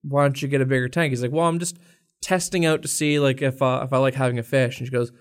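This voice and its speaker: A young man co-hosting a laid-back podcast rants with a curse-filled story, exasperated, imitating the customers involved. He talks quickly in a medium-pitched, steady voice.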